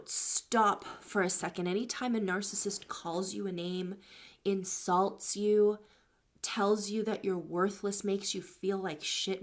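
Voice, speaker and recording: Chatty woman hosting a live stream. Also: medium pitch. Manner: chatty, thanks viewers between points, tells stories. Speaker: life coach and live-stream host. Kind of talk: casual live-stream talk.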